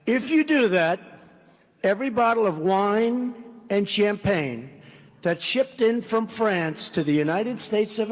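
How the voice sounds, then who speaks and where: A man giving a rambling, off-script campaign speech at a large rally, acting out dialogue as he goes. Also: sits high. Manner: rambling, repetitive, acts out dialogue. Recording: long reverb of a big hall.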